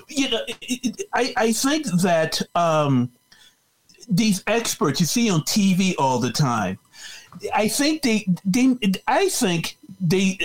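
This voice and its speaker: Man, radio guest, high voice, very lively pitch, rambling with fillers. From Chicago South Side. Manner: animated, rambling, many fillers and restarts. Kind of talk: casual radio chat.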